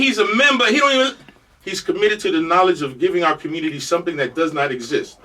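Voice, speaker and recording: A senior man hosting talk radio in a New York Jamaican accent, rattling along fast in a high, bright voice. He has a cold and rambles with jokes. The mic sits a bit away from him. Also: distant mic. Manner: loose, joking, rambling. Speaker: radio host. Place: radio studio.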